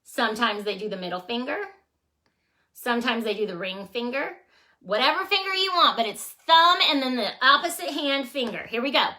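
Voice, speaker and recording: A woman librarian hosting a children's storytime, playful and animated as she leads songs and reads aloud. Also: on the high side, fairly quick. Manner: playful, animated, sing-song voices for kids.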